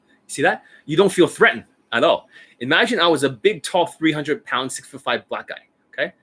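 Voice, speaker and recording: A blunt, foul-mouthed dating coach in his forties, talking casually and demonstrating as he goes. His voice is bright and forward, with a husky, slightly rough edge. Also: fairly high pitch, expressive, a little fast. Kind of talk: casual instructional talk.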